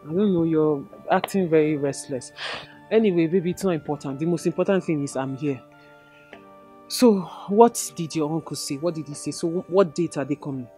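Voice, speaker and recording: An actress with a Nigerian accent playing a sharp-tongued fiancée who confronts the man she is to marry, mocking and scolding him in a Nigerian movie drama. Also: low-pitched, a little fast, close to an everyday voice. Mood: coaxing. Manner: mocking, scolding, switches into pidgin taunts. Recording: faint background music score.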